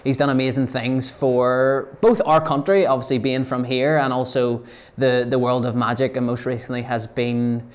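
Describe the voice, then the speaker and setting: A man's voice: mid-range voice, little pitch movement, moderate pace. Upbeat male podcast host. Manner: upbeat, lots of "yeah" and "obviously". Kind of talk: casual interview chat.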